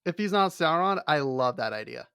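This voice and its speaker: A man's voice: fairly high pitch, lively intonation, normal speed, sharp tone, clear, resonant tone, no room sound, clean studio sound. A man co-hosting a casual chat, talking in a rambling way with many fillers and restarts. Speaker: podcast co-host.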